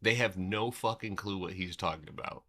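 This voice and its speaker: A man's voice: low-pitched, moderate pace, fairly bright tone. A man from the United States hosting a trading livestream in loose, slangy chat, swearing and laughing often.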